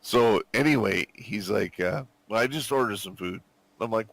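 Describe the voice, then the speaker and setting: A man in his forties, still recovering from a nasty flu, tells a rambling story packed with swearing and acted-out quotes. His voice sits low, and the sound is dry and close with no room around it. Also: moderate pace, creaky, fairly bright tone, dry recording. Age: 40s. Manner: swears constantly, laughs, acts out quotes. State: recovering from illness, coughing. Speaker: gamer chatting with squadmates. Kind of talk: casual profane storytelling.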